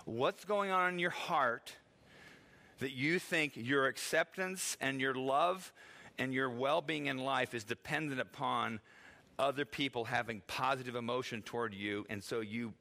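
A man's voice: mid-range voice, measured pace, gravelly, pushed and bright. A middle-aged man preaching a sermon in a conversational way, acting out the voices he quotes and laughing now and then. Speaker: pastor.

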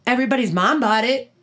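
A woman's voice: on the high side, fairly bright tone, slight background noise. A middle-aged woman musician speaking as an interview guest, blunt and profane, laughing often. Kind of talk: casual interview chat.

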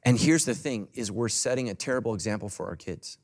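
A pastor, a man, preaches a church sermon to his congregation a little fast. His emphatic speech swings between loud, punchy declarations and soft, low asides.

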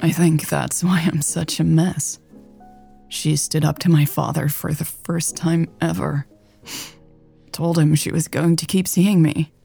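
A woman voicing a hurt, tearful young woman, speaking slowly and in a breathy whisper, while reading an audiobook. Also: low voice, flat delivery, dark tone, soft background music. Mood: sad, tearful.

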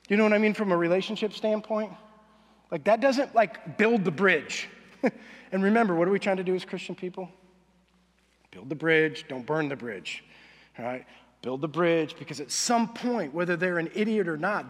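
A man preaching a sermon as pastor, conversational and animated, acting out quoted voices. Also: high voice. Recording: long hall reverb.

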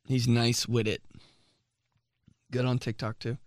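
A man's voice: medium pitch, flat delivery, slow pace, dry recording, clean studio sound. A young man hosting a podcast, rambling through comic complaints with lots of fillers and sound effects. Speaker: podcast host. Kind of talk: casual comedic podcast monologue.

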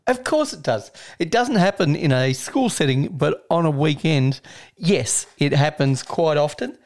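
Gravelly Australian man, blunt. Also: on the high side. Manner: blunt, matter-of-fact, swears freely. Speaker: podcast co-host. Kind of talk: casual comedic chat.

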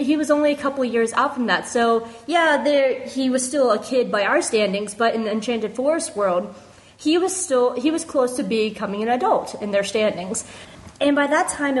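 A woman's voice: fairly high pitch, low-quality recording. A young woman leaving a heated, earnest voice message for a podcast, emotional and near tears, with many restarts. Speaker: fan caller sending a voice message to a podcast. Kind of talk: casual impassioned opinion.

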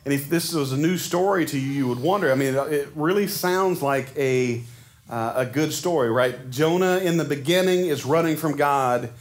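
A pastor with a fairly high voice preaches a sermon at a moderate pace. He keeps it conversational, frequently posing rhetorical questions to his congregation.

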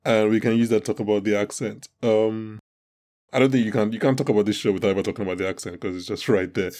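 A podcast host chats casually and animatedly, laughing often and restarting his sentences. His voice is lowish and a little mellow, with a steady tone and a fast pace.

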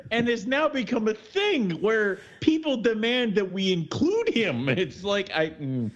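A man's voice: sits high, sing-song, unhurried, lo-fi sound, slight background noise. A young man co-hosting a casual podcast, joking, swearing freely and laughing often. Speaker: podcast co-host.

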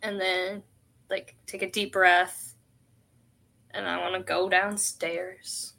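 A woman player in a tabletop game who talks slowly and haltingly, with fillers. Her voice is bright and clear. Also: on the low side, flat delivery. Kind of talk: casual tabletop game play.

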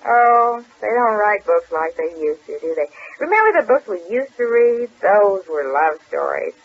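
A muddled, chatty radio wife. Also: female voice, medium pitch, sing-song, moderate pace. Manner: rambling, malaprop-prone, sing-song delivery. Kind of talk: 1930s radio comedy acting. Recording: muffled old radio recording.

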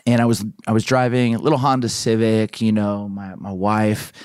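A man in his thirties, a pastor and author, guesting on a podcast and telling a personal story with lively acted-out bits. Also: fairly low pitch, moderate pace, clean tone, no room sound, clean studio sound. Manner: animated storyteller who acts out his own past lines.

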